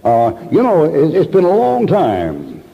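A man preaches a sermon, spinning folksy stories and hammering his points with repetition. His voice is husky and mid-pitched. The recording is a dull, muffled old tape that carries the long echo of a church hall. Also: wildly swooping pitch, unhurried. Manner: folksy storyteller, emphatic repetition.

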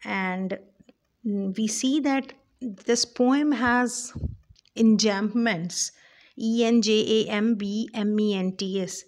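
A woman lectures on poetry at an unhurried pace. She talks deliberately, with frequent fillers and self-corrections. Her voice sits at a middling pitch. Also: darkish tone. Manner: slow, deliberate, with many fillers and restarts. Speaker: English literature lecturer.

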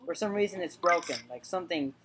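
A woman with a somewhat low voice narrates her gameplay in a loose, chatty way. She repeats words and talks straight to the enemies on screen, and a clear layer of noise sits under her voice in the recording. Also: quick pace, a bit bright. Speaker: gaming channel host. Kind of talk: let's play commentary.

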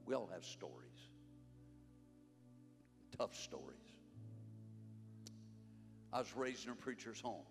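An older man preaching a sermon, fervent, rising to shouts and dropping low. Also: sing-song, takes it slowly, creaky, pauses often. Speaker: conference preacher. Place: church sanctuary. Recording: long hall reverb, faint music behind.

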